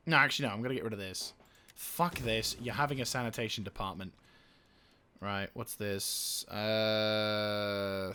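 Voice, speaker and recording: A young man commentating his strategy game, swearing freely and venting frustration between calm planning. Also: fairly low pitch, clean tone. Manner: profane, ranting, venting frustration. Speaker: gaming YouTuber. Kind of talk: let's play commentary.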